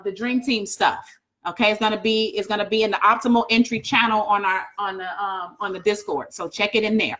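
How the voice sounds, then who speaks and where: Female trading coach, emphatic and upbeat, bright forward tone. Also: on the high side. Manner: upbeat, emphatic, keeps checking in with okay. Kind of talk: live online trading class wrap-up.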